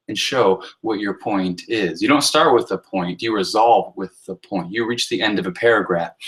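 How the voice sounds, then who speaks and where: A man's voice: fairly low pitch, a bit bright, poor audio. A man, a writing instructor, talking through a recorded workshop lecture on sentence style in an explanatory way, often checking in with "right?" and using fillers.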